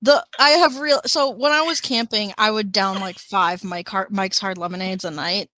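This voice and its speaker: A woman talks loosely on a casual podcast, drifting through fillers and restarts. Her voice sits at an ordinary middle pitch. A faint hiss runs under the recording. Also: fairly even intonation, moderate pace, bright, forceful tone. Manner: rambling, full of fillers and restarts.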